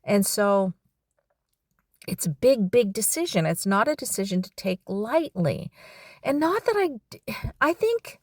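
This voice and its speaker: Middle-aged woman, reflective vlog talk, halting and heartfelt, dry close sound. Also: medium pitch, very animated, a little mellow, dry recording. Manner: halting, heartfelt, with sighs and restarts. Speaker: vlogger.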